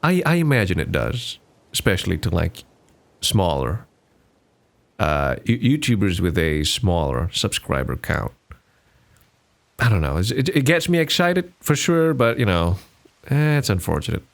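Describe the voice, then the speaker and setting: A man's voice: deep voice, big pitch swings, unhurried, creaky, pauses often. A man, hosting a casual solo podcast, rambling with lots of fillers and restarts. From Singapore. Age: 20s. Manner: rambling, frequent fillers and restarts, laughs often. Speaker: podcast host.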